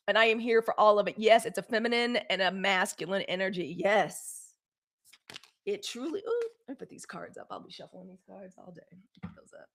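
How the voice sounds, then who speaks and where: A woman's voice: medium pitch, a little fast. A woman in her fifties from Mississippi with a Southern accent, hosting a casual live news stream and chatting straight to her viewers. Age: 50s. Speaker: live news show host.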